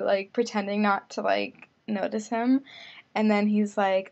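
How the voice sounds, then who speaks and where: A woman's voice: medium pitch, little pitch movement, moderate pace, highs cut off. A young woman telling a casual vlog story, chatty and full of "like" fillers. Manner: chatty, filler-heavy with lots of "like". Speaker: vlogger.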